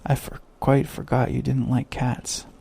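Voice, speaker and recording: Man doing polite eager young girl Alice, gentle soothing storybook voice, gravelly, dark, husky. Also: mid-range voice, level tone, a little slow.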